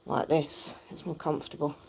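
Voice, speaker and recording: A woman chatting casually on a home livestream while pedaling an exercise bike, her voice croaky from just waking up, into a phone held close. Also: moderate pace, darkish tone. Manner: chatty, rambling, laughs often while pedaling.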